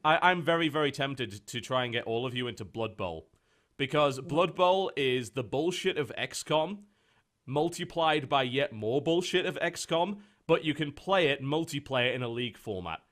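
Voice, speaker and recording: A man's voice: medium pitch, moderate pace. Male podcast co-host, casual, exasperated gaming rants. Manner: animated, exasperated ranting about games. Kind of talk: casual chat.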